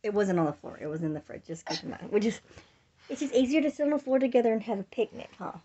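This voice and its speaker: A woman's voice: a little high, very animated, fast talker, dark tone. A young woman filming a casual family vlog at home, talking playfully to her toddler in coaxing baby talk and laughing often. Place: home, on the floor indoors.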